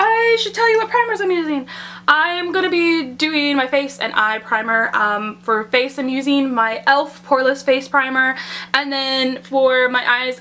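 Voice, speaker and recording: A woman's voice: high voice, pushed and bright, a little hiss or hum. A woman in her twenties chatting nervously and rambling in a casual makeup tag vlog, recorded indoors at home. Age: 20s. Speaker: book and makeup vlogger. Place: indoors at home, away from her usual bathroom mirror.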